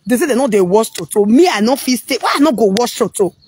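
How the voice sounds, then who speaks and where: A woman's voice: fairly high pitch, expressive, quick pace, darkish tone, husky. A woman with a Nigerian accent talking frankly in a casual monologue, rambling and repeating words mid-sentence.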